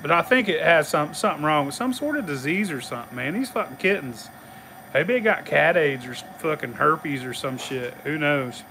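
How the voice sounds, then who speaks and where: A man's voice: fairly high pitch, lively intonation, moderate pace, bright, forceful tone, slight background noise. A middle-aged man, telling a rambling, profane story in casual chat and laughing along the way. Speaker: channel host.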